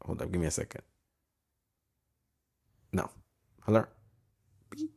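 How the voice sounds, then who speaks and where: Low-voiced young man, profane and chatty. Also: huge pitch swings, unhurried, vocal fry, a little mellow, husky. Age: 20s. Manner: profane, chatty, switches between English and Spanish, laughs often. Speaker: podcast host. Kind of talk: casual storytelling monologue. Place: home.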